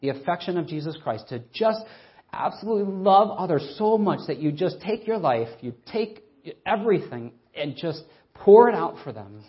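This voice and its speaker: A man preaching a sermon, earnest and emphatic, asking rhetorical questions and slowing down to stress scripture readings. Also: high-pitched, animated, dull audio.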